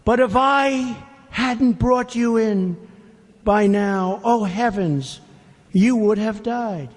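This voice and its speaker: A man's voice: high voice, slow. A man voicing a kind, tender-hearted woman who cries out, heard with a long hall echo. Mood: distressed. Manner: cries out in alarm. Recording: long reverb of big hall.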